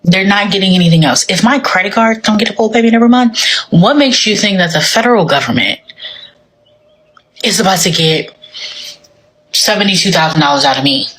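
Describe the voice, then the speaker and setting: A woman's voice: medium pitch, fairly quick, pauses often, fairly bright tone, rough recording. A woman speaking bluntly and defiantly to camera, emphatic and repetitive. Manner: blunt, emphatic, repeats herself.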